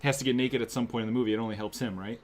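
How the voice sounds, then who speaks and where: A young man chats on a talk show in a laid-back, agreeable way, with a middle-pitched voice. His lines often trail off into a quieter mutter. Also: fairly even intonation, racing. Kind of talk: casual chat.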